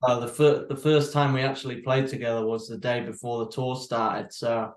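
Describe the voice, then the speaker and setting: A man's voice: mid-range voice, flat delivery, normal speed, echoey room. Easygoing young man with a mixed British accent. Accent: mixed English and Welsh. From North Wales. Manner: easygoing, rambling. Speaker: guitarist. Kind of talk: video call interview. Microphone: video call.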